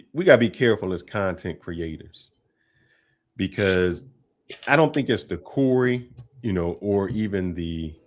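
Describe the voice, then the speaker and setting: Chill guy, kinda low voice, talking over a clip on his show. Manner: relaxed, conversational, laughs often. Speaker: host. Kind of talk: casual commentary.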